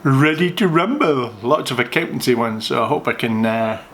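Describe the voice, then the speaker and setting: A man's voice: medium pitch, animated, normal speed, a bit bright, a little hiss or hum. An older man answering viewer questions at home in a jokey, rambling, self-deprecating way. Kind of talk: casual chat.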